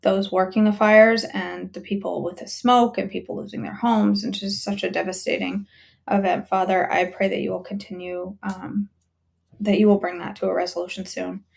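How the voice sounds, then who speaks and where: A woman hosting a live devotional stream, praying aloud for friends with halting pauses, then chatting to viewers. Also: mid-range voice, little pitch movement, gravelly. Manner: halting prayer with many ums and restarts, warm repeated thanks. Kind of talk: spoken prayer, then casual sign-off. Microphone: phone or webcam on a live stream.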